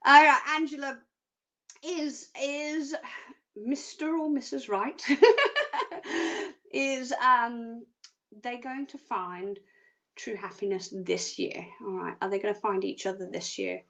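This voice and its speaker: Casting note: woman hosting live psychic readings, high-pitched, chatty and playful, hums between thoughts. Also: takes it slowly, long pauses, a bit bright. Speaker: psychic reader, host.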